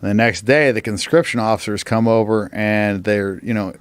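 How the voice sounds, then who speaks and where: A podcast guest in the studio spins a long, casual story full of profanity and the fillers "like" and "you know." His lowish voice is clear and resonant, with a steady tone and moderate pace.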